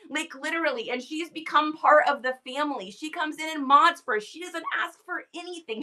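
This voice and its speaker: With a high-pitched, sharp tone, this middle-aged reseller hosts a livestream, keeping the casual chat energetic and full of enthusiastic tangents.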